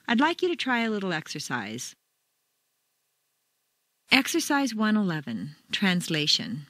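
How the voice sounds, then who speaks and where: A woman reading a scripted pronunciation lesson, clear and deliberate as she demonstrates where the stress falls. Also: medium pitch, sing-song, a bit bright, no room sound. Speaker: accent coach. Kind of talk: scripted instructional narration.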